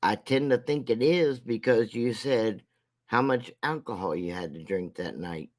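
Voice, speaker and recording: A man giving a casual commentary rant as a vlogger, rambling and mocking, with halting restarts. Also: mid-range voice.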